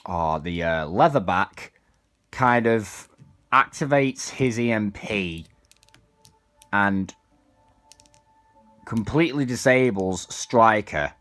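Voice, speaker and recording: A man's voice: on the low side, expressive, takes it slowly, pauses often, fairly bright tone, faint music behind. A man casually reviewing an action figure, chatting as he demonstrates its parts. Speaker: toy reviewer.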